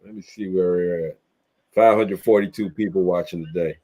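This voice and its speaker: A man's voice: sits low, steady tone, moderate pace, dark tone. A man hosting a live online telethon, chatting casually and joking in slang with his co-hosts over a video call. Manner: laid-back, joking, slangy. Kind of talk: casual banter on a livestream.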